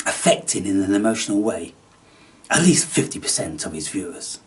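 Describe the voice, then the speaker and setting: A man hosting a spiritual channel, talking in a theatrical, taunting way that swings between loud outbursts and hushed asides. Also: medium pitch, recorded from a distance. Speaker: channel host. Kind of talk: spiritual vlog monologue.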